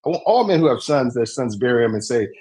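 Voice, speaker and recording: A man's voice: mid-range voice, sing-song, quick pace, a little mellow. Frank, swearing man on a podcast. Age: adult with sons. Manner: frank, profane, stammering restarts. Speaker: podcast co-host. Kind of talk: casual debate chat.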